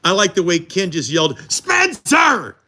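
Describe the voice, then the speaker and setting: Lively, bright-voiced joking male anchor. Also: a little high, moderate pace. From United States. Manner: joking, playful, teasing. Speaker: morning TV news anchor. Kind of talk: casual behind-the-scenes banter.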